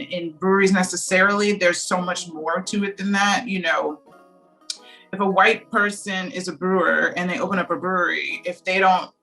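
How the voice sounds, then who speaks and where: A woman's voice: lowish voice, gravelly, rough recording. A woman co-founder of a beer brand, talking candidly in a casual interview. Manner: candid, animated storytelling. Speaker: brewery co-founder.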